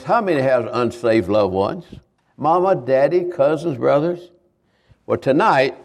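A man's voice: mid-range voice, vocal fry, a little mellow. Older man preaching folksy testimony. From Kentucky, USA. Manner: halting, repetitive, homespun storytelling. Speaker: visiting evangelist.

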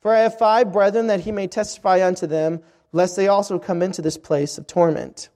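Guy preaching a sermon, kinda high voice, earnest, lots of restarts, echoey hall. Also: fairly even intonation, brisk, darkish tone. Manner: earnest, repeats words and restarts phrases. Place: church hall at a missions conference. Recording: reverberant hall.

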